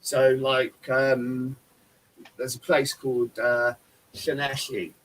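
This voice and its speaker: A man co-hosts a casual live show, animated and teasing. His voice sits in a middle range, with faint noise in the background. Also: medium pitch, slow, poor audio. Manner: animated, teasing, talks about accents. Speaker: podcast co-host. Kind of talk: casual live-stream banter.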